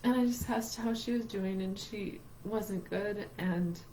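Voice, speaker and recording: A woman's voice: medium pitch, a little slow, mellow, slight background noise, rough recording. A woman co-hosting a heartfelt conversation about grief. She speaks earnestly and emotionally from a faith-based outlook, and her voice is tearful at times. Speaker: podcast co-host.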